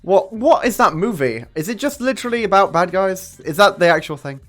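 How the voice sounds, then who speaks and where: Lively young man streaming. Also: a little fast. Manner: chatty and profane, with sudden high excited jumps. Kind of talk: casual live-stream chat with viewers. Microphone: desk microphone. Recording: faint music under the voice. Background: faint music.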